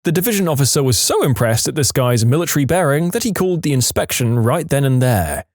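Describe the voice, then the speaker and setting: A man's voice: quick pace, dry recording, clean studio sound. A man reading listener stories aloud as scripted narration, lifting his voice for quoted characters. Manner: animated, jumps pitch for quoted voices.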